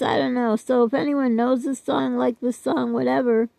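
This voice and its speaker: A woman's voice: high voice, steady tone, normal speed, creaky, few pauses, mellow, dry recording, rough recording. An older woman vlogger chatting casually to her viewers, rambling and self-deprecating, often trailing off with "I don't know.".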